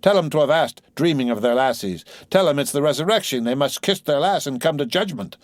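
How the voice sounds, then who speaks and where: A crew of rowdy sailors, hearty and loud, calling the watch and urging a dance, as a man puts them on. The reading is recorded dry and close. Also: on the high side, animated, brisk, dry recording, pitched above the performer's own voice, natural voice. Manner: hearty, bellowing.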